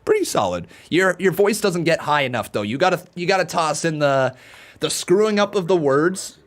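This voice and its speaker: Animated man hosting a live chat stream. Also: fairly high pitch, normal speed. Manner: animated, reads out donations, laughs at own jokes. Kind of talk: casual watch-along chat with live chat.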